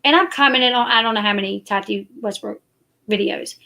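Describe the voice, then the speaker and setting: A woman's voice: medium pitch, brisk, gravelly, bright, forceful tone. A woman, chatting casually and defensively to her live stream viewers. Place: parked car at night.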